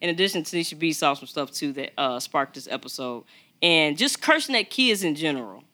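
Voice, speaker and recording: A podcast host in casual chat who gives theatrical, animated introductions. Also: medium pitch, fairly quick.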